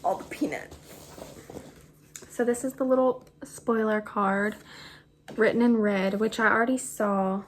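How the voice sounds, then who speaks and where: A young book vlogger chats casually to camera about books, bubbly and full of fillers, in a mid-range voice with fairly even intonation at a slightly slow pace. She's in a home room where a fan is running, recorded on a camera propped on the floor, so the room is noisy with fan hum.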